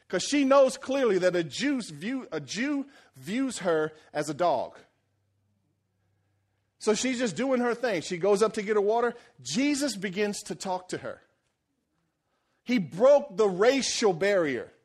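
A male pastor preaching a sermon, retelling a Bible story in lively, casual modern language. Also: high voice.

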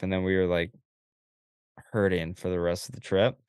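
A man's voice: low-pitched, normal speed, darkish tone, smooth, no room sound, studio quality. A young man co-hosting a podcast, telling stories in casual chat, acting out quoted dialogue and swearing freely. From Canada. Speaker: podcast co-host.

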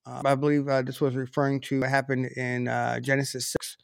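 A man's voice: mid-range voice, flat delivery, brisk, creaky, few pauses, clean tone, no room sound, clean studio sound. A man giving an informal Bible teaching, talking conversationally with frequent restarts and self-corrections.

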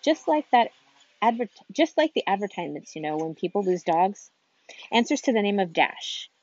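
A woman's voice: medium pitch, sing-song, normal speed, darkish tone, lo-fi sound. A woman voicing a curious little girl who rambles thoughtfully to herself, a bit timid. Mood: musing. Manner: musing, thoughtful, slightly timid.

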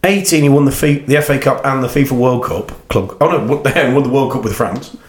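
A man's voice: mid-range voice, fairly quick, roomy sound. A man co-hosting a casual football podcast, blunt and argumentative, who swears often. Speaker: podcast co-host.

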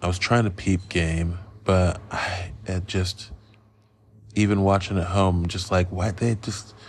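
A man hosting a casual film review podcast, rambling and profane, a bit loopy from being high. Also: fairly even intonation, unhurried, slight background noise. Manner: rambling, loose and profane, goes off on riffs. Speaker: podcast host.

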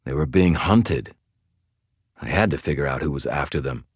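A weak, injured young vampire talking low and feeble, played by a male narrator close to his own deep voice. His words come quietly and tiredly, with little push behind them. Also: animated, normal speed, breathy edge, dry recording, heavily acted. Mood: weary.

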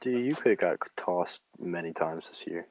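A man's voice: low voice, unhurried, a little mellow, slight background noise, rough recording. A young man hosting a casual podcast chat about baseball, loose and profane, laughing often. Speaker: podcast host.

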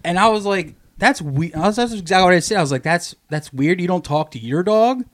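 A man with a slightly high voice chats casually on a podcast. He swears freely and acts out every quote in a squeaky, exaggerated voice. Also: animated, a little fast. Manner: profane storyteller, acts out quotes in a high goofy voice. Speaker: podcast co-host. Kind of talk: casual chat.

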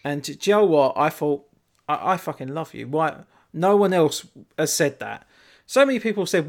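Male, casual podcast co-host; lively, swears freely. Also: fairly high pitch, moderate pace, creaky. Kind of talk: casual chat.

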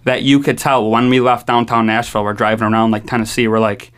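A man's voice: mid-range voice, flat delivery, fast, fairly bright tone, clean tone. A young man with a New York accent casually telling a story on a podcast, rambling with lots of "like" and swearing freely.

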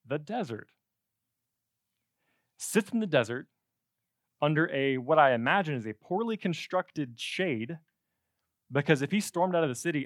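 Animated, joking male preacher. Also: a little high, dry recording, clean studio sound. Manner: animated, conversational, jokey asides. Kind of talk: sermon.

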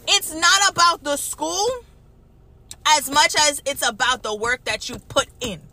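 Chatty New woman, bright voice. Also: high-pitched, measured pace. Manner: chatty and animated, addresses viewers directly. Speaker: vlogger. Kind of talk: casual storytelling to camera.

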